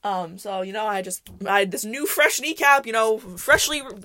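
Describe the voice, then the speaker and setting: A woman's voice: mid-range voice, expressive, normal speed, bright, forceful tone. A woman hosting a casual solo podcast, telling stories in a rambling way, often correcting herself and laughing. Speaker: podcast host.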